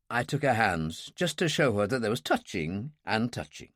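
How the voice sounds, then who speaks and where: A man narrating a first-person thriller audiobook in a dry, measured, wry way. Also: on the low side, big pitch swings, a bit bright, no echo.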